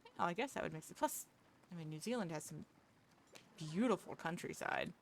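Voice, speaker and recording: A woman talks loosely with her viewers as she plays. Her voice sits a little low. She rambles, restarts her sentences and laughs easily. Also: animated, normal speed, gravelly, a little hiss or hum. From United States. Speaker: livestreamer. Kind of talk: casual chat with viewers while gaming.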